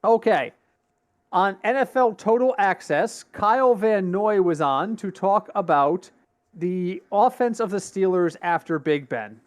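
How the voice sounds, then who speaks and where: A middle-aged man co-hosting a casual podcast, telling a long story in a chatty, animated way. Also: high voice, a little slow. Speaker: podcast co-host. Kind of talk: casual chat.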